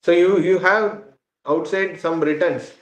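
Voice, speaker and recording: A man's voice: sits high, steady tone, unhurried. Man teaching in an echoey room. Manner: earnest, conversational, asks listeners for agreement. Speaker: spiritual class teacher. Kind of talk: informal spiritual lecture. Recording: roomy, dull lo-fi room recording.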